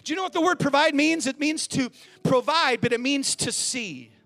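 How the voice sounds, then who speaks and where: A man's voice: very high-pitched, lively intonation, normal speed, creaky, bright, forceful tone. A man preaching a sermon as a pastor, emphatic and calling out to the congregation in a church.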